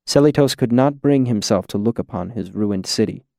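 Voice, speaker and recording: A man narrating a fantasy story as an audiobook, in a measured, even storytelling manner. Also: medium pitch, creaky, dry recording, studio quality.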